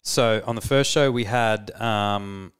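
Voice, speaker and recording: Smooth-voiced man swapping tour stories. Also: lowish voice, slow. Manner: relaxed, frequent "like" and fillers. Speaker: podcast co-host, band musician. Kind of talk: casual storytelling chat.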